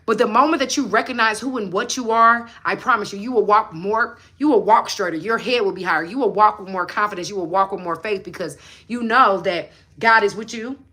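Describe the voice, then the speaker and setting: A woman's voice: mid-range voice, fairly quick, sharp tone, breathy edge. A young adult woman hosting a casual livestream, talking bluntly and emphatically with plenty of profanity as she preaches self-belief to her viewers. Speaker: manifestation coach and livestream host.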